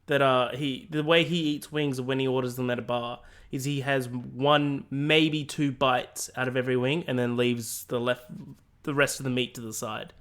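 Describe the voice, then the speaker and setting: A man's voice: mid-range voice, fairly even intonation, normal speed, few pauses, a bit bright. A man hosting a podcast in a loose, jokey way, swearing freely. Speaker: podcast host. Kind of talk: casual chat.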